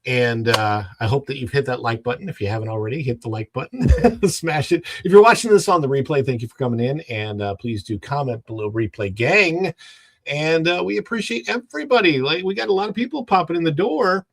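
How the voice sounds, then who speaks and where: A man's voice: mid-range voice, lively intonation, a little fast, a bit bright, dry recording. A man hosting a casual home livestream who rambles and greets chat viewers one by one. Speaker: livestream host.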